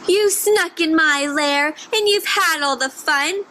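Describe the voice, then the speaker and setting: A woman voicing a sulky male bear who feels left out, speaking in slow rhyme. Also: high voice, sharp tone, slight background noise, exaggerated voice.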